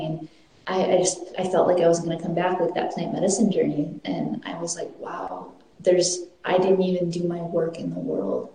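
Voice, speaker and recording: A woman with a slightly low, mellow voice tells a personal story, earnest and reflective, often restarting her sentences. Her voice rings around a very echoey room.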